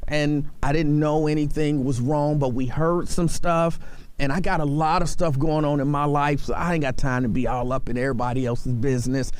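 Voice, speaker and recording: A man's voice: a little high, clear, resonant tone, no echo. A man hosting a talk radio show, speaking earnestly and pleading with his listeners, repeating himself for emphasis. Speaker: radio host.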